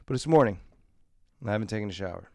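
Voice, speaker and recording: A tired man rambles through a casual morning stream, his low voice gravelly with fry. He is crude and self-mocking, stops often to clear his throat, and his desk mic sounds close and dry. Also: expressive, very fast, darkish tone, dry recording.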